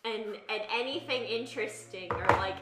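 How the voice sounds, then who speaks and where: A woman's voice: a little high, normal speed. A woman playing in a tabletop game, soothing and rambling with fillers. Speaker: player. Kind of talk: in-character tabletop play. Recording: echoey room, loud background noise.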